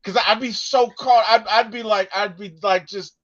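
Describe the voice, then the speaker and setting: A man co-hosting a casual movie discussion, telling stories with animated energy and acting out quotes. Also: high voice, moderate pace, highs cut off. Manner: animated storyteller, acts out quotes. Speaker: podcast co-host.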